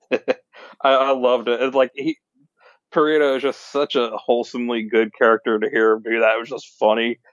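A man co-hosting a casual spoiler chat about a film, easygoing and quick to laugh. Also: medium pitch, level tone, no room sound, highs cut off. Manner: easygoing, laughs often, agreeable. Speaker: podcast co-host.

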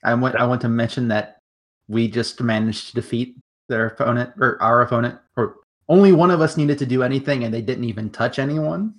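A player in a tabletop role-playing game, laying out their character's moves deliberately. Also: medium pitch.

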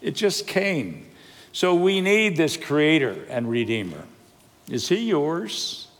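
Speaking slowly, an older male pastor delivers a sermon with a voice that sits a bit high for a man. Long reverb from the big sanctuary surrounds his lively stories, jokes, and questions to the congregation.

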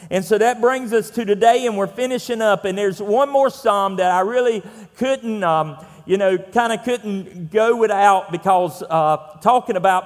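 A man's voice: high-pitched, in a large hall. A man with a Southern US accent preaching a sermon as pastor, talking in a conversational, folksy way with frequent fillers.

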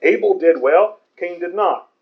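A man's voice: high voice, animated, measured pace, narrow, tinny audio. A man preaching a conversational Bible sermon in an earnest way, often stumbling over repeated words.

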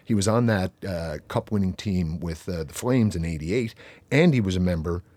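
An older man hosts a relaxed hockey conversation, his voice low and husky. He trips over and repeats words while reciting old stats and player names. The sound is dry and close. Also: moderate pace, no echo. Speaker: podcast host. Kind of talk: casual hockey chat.

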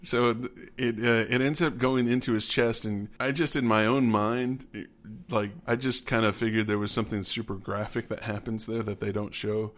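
Male podcast co-host, low voice, loose rambling movie-recap delivery. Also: flat delivery, normal speed, fairly bright tone. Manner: rambling, many restarts and fillers, laughs often. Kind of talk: casual movie recap chat.

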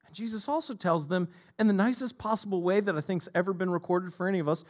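A man's voice: high voice, animated, fast talker, a little mellow. A middle-aged man preaching a sermon as a pastor, emphatic and repetitive in his delivery.

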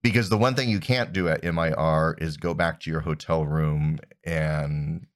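Deep-voiced calm male co-host. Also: moderate pace, dry recording, clean studio sound. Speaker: podcast co-host. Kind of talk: casual chat.

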